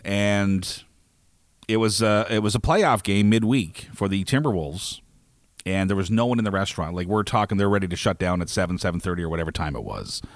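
Animated storytelling man, lively pitch. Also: fairly quick, no echo. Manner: animated, laughing storyteller who acts out quoted lines. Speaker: podcast host telling a story. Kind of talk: casual storytelling chat.

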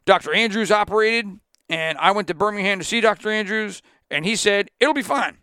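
A man doing a deliberately poor impression of a defensive older male football coach who blames others in a blunt, self-justifying way. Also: high-pitched, big pitch swings, sharp tone, clean tone, no room sound, clean studio sound, full character voice. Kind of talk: mock impression read aloud.

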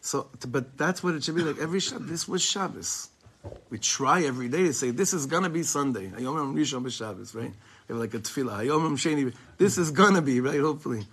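A man's voice: medium pitch, lively intonation, fast talker, fairly bright tone, breathy edge. A man giving an informal Torah class, talking conversationally and quoting Hebrew texts. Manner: conversational, restarts and quotes in Hebrew. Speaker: Torah teacher.

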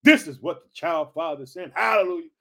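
A man preaching an energetic sermon, hyping up his listeners, calling them family and repeating his catchphrases. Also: fairly high pitch, quick pace, vocal fry.

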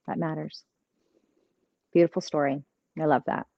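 A woman co-hosting a podcast, encouraging listeners in a warm, affirming way. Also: sits low, little pitch movement, normal speed, creaky, dry recording, dull audio. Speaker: podcast co-host. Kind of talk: casual chat.

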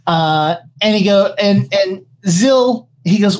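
A woman's voice: medium pitch, slow, few pauses, darkish tone. A woman running a tabletop game as game master, describing scenes hesitantly with lots of fillers.

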